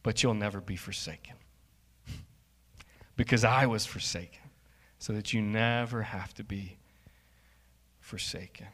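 Slow, earnest male pastor preaching. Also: on the low side, steady tone, fairly bright tone, long reverb tail. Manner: earnest, slow and emphatic with rising intensity. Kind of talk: sermon.

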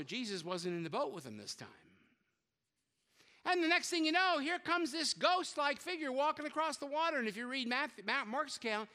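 A man preaching a sermon as a pastor, telling the story with lively voices for the characters and joking with his listeners. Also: very high-pitched, in a large hall. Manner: lively storytelling, acting out quotes, joking with the congregation.

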